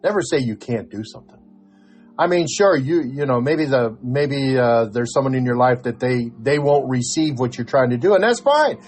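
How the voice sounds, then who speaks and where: A man's voice: medium pitch, lively intonation, normal speed, darkish tone, faint music behind. An older man co-hosting a podcast who tells stories in casual interview chat, rambling with restarts and acting out both sides of a conversation. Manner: rambling storyteller with many restarts, acts out dialogue. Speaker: podcast co-host.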